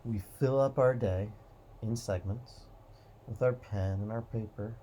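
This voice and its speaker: A man hosting a motivational talk, speaking in a calm, reflective way with slow, repeated phrases. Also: fairly low pitch, a little hiss or hum. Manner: calm, repetitive, drawn-out phrasing. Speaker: host.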